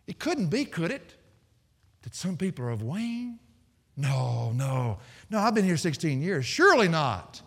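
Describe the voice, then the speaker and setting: A man preaching a sermon as pastor, telling folksy stories with frequent laughter and sudden swings from soft to loud. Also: mid-range voice, very animated, measured pace, big-room sound.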